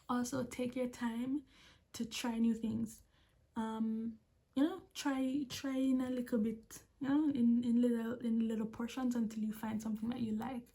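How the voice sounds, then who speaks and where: Husky Jamaican woman giving chatty advice. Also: fairly high pitch, level tone, a little slow, warm tone. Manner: chatty, emphatic, repeats key advice. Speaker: vlogger. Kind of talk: casual advice vlog.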